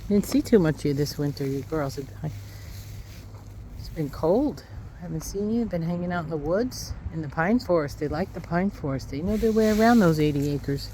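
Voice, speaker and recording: A woman's voice: lowish voice, mellow, a little hiss or hum. An American woman farmer in a casual vlog, talking sweetly to her cows in a muddy pasture. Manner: coos and talks sweetly to the cows. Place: outdoors in a muddy farm pasture.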